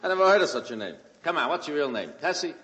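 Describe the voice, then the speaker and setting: This man is a stand-up comedian from Brooklyn, New York, whose Brooklyn accent colors a wisecracking monologue performed live, complete with shouted fan lines. His slightly high, sing-song voice races along, recorded at low quality with noticeable reverb.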